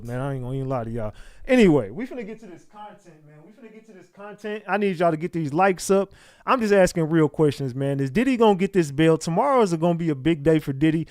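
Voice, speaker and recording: A man's voice: a little high, darkish tone, clean tone, dry recording. A man hosting a casual livestream, talking over gossip and firing rhetorical questions at viewers. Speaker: livestream host.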